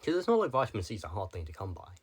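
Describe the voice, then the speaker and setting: A man's voice: lowish voice, wildly swooping pitch, racing, breathy edge. A young man talking casually to the camera, rambling from one tangent to the next with lots of filler words. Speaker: vlogger.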